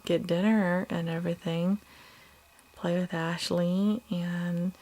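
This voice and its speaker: Upset woman, slow and halting, gravelly voice, sinks to whispers sometimes, talking in a home video diary. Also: lowish voice, a little mellow. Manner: halting, hesitant, many fillers and restarts; subdued, drops at times to a whisper. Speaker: mother of two young children.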